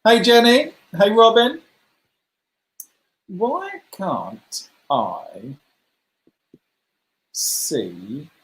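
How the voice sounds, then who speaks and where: Lively-voiced man leading a kids' game. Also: high voice, drawn-out words, pauses often. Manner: chatty and encouraging, praising players by name. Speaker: children's club leader. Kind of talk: hosting a letter-guessing game for children over video call. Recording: roomy echo.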